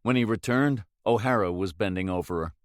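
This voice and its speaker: Low-voiced male audiobook narrator, dry. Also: brisk, no room sound. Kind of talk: scripted narration.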